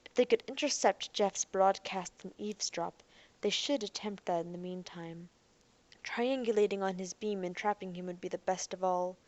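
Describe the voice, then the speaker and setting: A woman narrating an audiobook in a quiet, even storytelling manner. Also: medium pitch, normal speed, highs cut off. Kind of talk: scripted narration.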